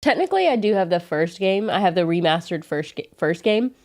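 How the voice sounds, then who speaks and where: A woman's voice: on the low side, very animated, fairly quick, a little mellow, dry recording. A young woman with a Southern US accent, chatting casually with viewers on a live stream in a rambling way while sick. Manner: chatty, rambling with frequent "like" fillers. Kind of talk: casual chat answering viewers.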